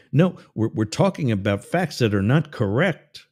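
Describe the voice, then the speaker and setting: A man hosting a talk radio show, ranting with sarcasm and telling jokes in an animated way. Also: mid-range voice, moderate pace. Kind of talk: talk radio monologue with a live-read ad.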